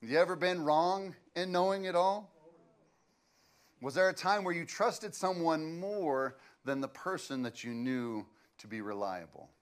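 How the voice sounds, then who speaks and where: A man's voice: a little high, lively intonation, measured pace, clean tone. A man, preaching a sermon as a pastor and telling stories in a loose, conversational way with fillers.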